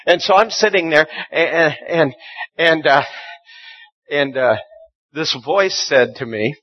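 A man's voice: fairly high pitch, slow, pauses often, muffled recording. A man preaching a sermon and telling a personal story, often stumbling and repeating words as he starts a sentence.

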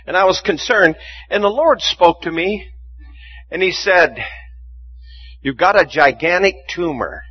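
Husky preacher guy, kinda high voice, rambly sermon story, dry muffled sound. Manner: storytelling, chuckling, repeating words when starting sentences.

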